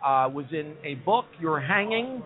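A man from New Jersey hosting a casual comedy talk show, chatty and quick to laugh, often repeating "listen". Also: a little high, expressive. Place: pub. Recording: tinny phone-like audio.

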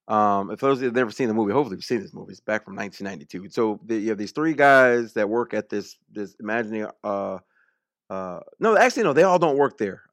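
A man's voice: on the low side, lively intonation, fast, a bit bright, no room sound. A man hosting a political talk radio show, speaking in an emphatic, repetitive monologue.

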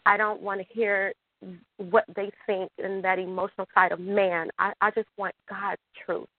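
A woman from Michigan calling in to a radio show, excited and rambling, with many restarts. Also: mid-range voice, moderate pace. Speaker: caller. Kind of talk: emotional call-in chat. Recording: dry tinny phone line.

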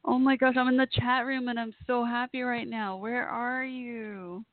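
A woman's voice: on the high side, little pitch movement, fairly quick, dry recording. A woman hosting a live internet radio show, gushing and emotional, rambling as she talks. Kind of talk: casual live chat show. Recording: tinny phone-like sound, dry.

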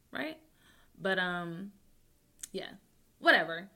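A young adult woman hosting her own talk show, rambling with many restarts, joking to deflect, swinging between loud bursts and soft mumbles. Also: medium pitch, animated, moderate pace. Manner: rambling, self-interrupting, jokes to deflect. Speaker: podcast host. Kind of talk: casual personal talk show.

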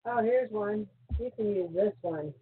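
Woman, quiet dry replies, very breathy voice, phone-like lo-fi sound. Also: mid-range voice, unhurried. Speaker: podcast co-host. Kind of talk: casual banter. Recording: phone-like lo-fi line.

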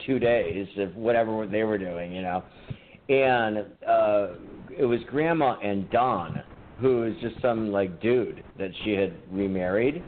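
A man co-hosting a podcast, telling rambling, profane stories in casual chat. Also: on the low side. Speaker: podcast co-host. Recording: tinny phone-like line with faint noise.

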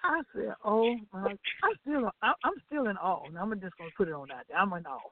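Animated woman testifying over a phone line. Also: medium pitch, a little fast. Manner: animated storytelling with laughs and acted-out quotes. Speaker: gospel radio co-host. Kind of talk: testimony on a gospel talk show. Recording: dry, tinny phone-line sound.

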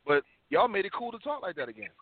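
A man tells stories in an animated, slang-heavy way. His voice sits a little high. The sound is dry and thin, like a phone line. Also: fast, dry recording. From New York. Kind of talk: casual discussion.

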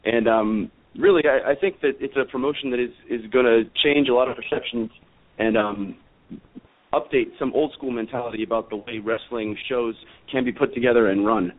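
A man's voice: mid-range voice, fairly even intonation, fairly quick. Man rambling on a phone line. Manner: rambling, many fillers and restarts. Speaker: guest wrestler. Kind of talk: casual radio interview. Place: after party. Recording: phone-like radio audio.

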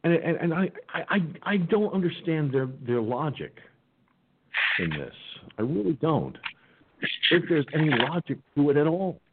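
A man hosting an online talk radio show, talking in a folksy, halting way with many restarts. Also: a little high, sing-song, very noisy. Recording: phone-like lo-fi audio.

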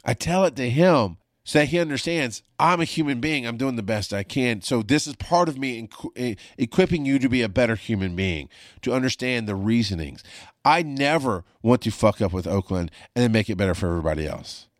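A man's voice: mid-range voice, lively intonation, brisk, no room sound. A man, a paramedic hosting a podcast, speaking frankly and emphatically from his home studio and swearing freely. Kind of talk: candid podcast monologue. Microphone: studio mic on a video call.

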